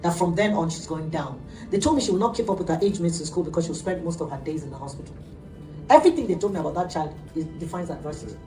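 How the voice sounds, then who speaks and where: A middle-aged woman pastor preaching an animated sermon, laughing often as she tells stories. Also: deep voice, fast talker, faint music behind. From Nigeria. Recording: echoey room, heard from a distance.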